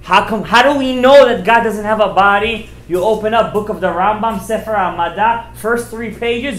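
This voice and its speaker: A man, a rabbi giving an informal sermon, telling stories with emphatic, animated delivery and sprinkling in Hebrew and Yiddish terms. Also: sits high, a little fast, slight background noise. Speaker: rabbi giving a Torah class. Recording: roomy echoey room.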